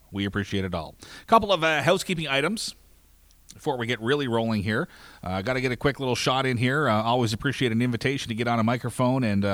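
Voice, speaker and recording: A man hosting a casual podcast, talking in an easygoing way with many pauses. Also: mid-range voice, fairly bright tone, no room sound. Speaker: podcast host.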